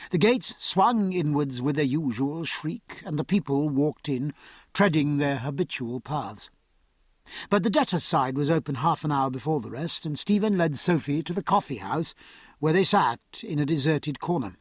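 Male audiobook narrator, husky, lively pitch, close studio mic, dry sound. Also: normal speed, dry recording. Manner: steady, expressive storytelling. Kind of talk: scripted narration.

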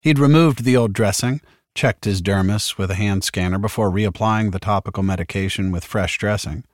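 A man's voice: on the low side, normal speed, no echo, studio quality. A man reading an audiobook chapter in a wry, sardonic storytelling manner. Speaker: audiobook narrator. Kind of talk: scripted audiobook narration.

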